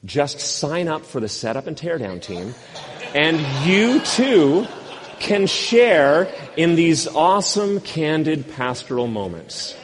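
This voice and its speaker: A man's voice: on the high side, big pitch swings, slow pace, long reverb tail, crowd noise. A man in his fifties, a pastor preaching a sermon with a wry, self-deprecating storytelling manner.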